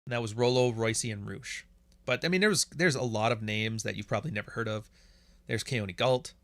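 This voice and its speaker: A man's voice: fairly low pitch, moderate pace, a bit bright, dry recording, studio quality. A man with a Canadian accent hosting a podcast, chatting casually and reading out questions from chat in a blunt, profane, sarcastic way, laughing often.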